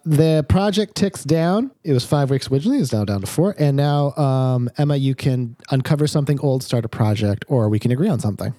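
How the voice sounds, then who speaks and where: A man running a tabletop world-building game as game master, talking haltingly with fillers and restarts. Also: medium pitch, warm tone, dry recording.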